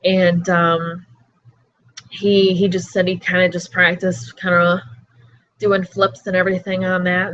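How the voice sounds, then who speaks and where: A woman's voice: on the low side, fairly bright tone. A woman hosting a wrestling show, casually recapping an interview in a rambling way, full of fillers. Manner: rambling, with many fillers like "everything like that". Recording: slightly dull lo-fi audio.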